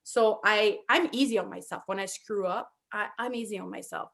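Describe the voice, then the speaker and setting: A woman with a thick French accent, co-hosting a casual chat and telling animated, self-deprecating stories. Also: medium pitch, normal speed, vocal fry. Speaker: podcast co-host.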